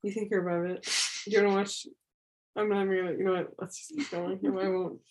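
A woman's voice: medium pitch, steady tone, fast talker, over a noisy crowd, low-quality recording. A young woman co-hosting a casual chat, talking in an offhand, easygoing way. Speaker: podcast co-host.

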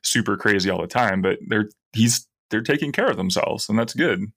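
A man's voice: fairly low pitch, expressive, moderate pace, fairly bright tone, slightly rough. A man co-hosting a podcast, chatting casually and adding thoughtful asides. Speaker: podcast co-host. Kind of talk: casual chat.

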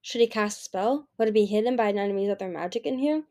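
A woman's voice: mid-range voice, fast, dark tone. A woman reading a fantasy novel aloud, voicing the characters' dialogue. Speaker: audiobook reader.

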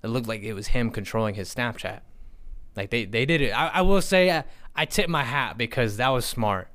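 Smooth-voiced young man telling a story. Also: mid-range voice, moderate pace, fairly bright tone. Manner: swearing, storytelling with quoted dialogue. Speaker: podcast co-host. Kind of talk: casual chat.

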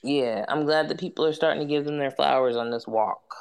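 A woman's voice: sits low, brisk, creaky, clear, resonant tone. A woman hosting a casual podcast chat, laid-back and repetitive, laughing often. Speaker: podcast host.

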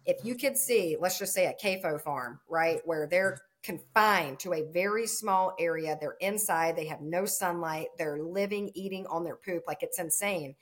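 A woman's voice: on the low side, normal speed, few pauses. A woman farmer in casual conversation, telling stories in a chatty way and acting out the quoted exchanges.

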